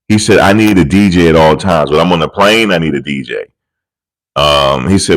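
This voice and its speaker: A man's voice: a bass voice, moderate pace, poor audio. A man hosting casual celebrity commentary, telling rambling, profane and amused stories into a desk microphone. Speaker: commentary channel host. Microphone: desk USB microphone.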